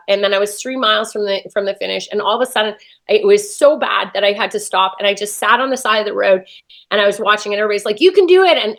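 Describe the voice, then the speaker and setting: A woman's voice: mid-range voice, fairly bright tone. A woman, an interview guest, telling a personal story with feeling and acting out her own past thoughts. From Canada.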